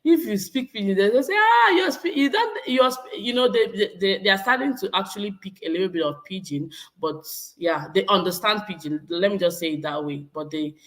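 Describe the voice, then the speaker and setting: A woman's voice: medium pitch, fairly quick, hardly any pauses, a bit bright. A Nigerian woman in her thirties chatting casually with viewers, laughing often and switching between English and Pidgin. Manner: laughs often, slips into Pidgin, repeats herself. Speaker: vlogger reading live chat. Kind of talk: casual live-stream chat.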